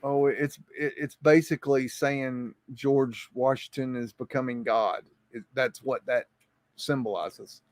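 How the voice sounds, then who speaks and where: A man's voice: medium pitch, steady tone, a little slow, dry recording. A man hosting a live stream, rambling and chuckling as he thinks aloud and reacts to images, often repeating his words. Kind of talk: casual live stream commentary.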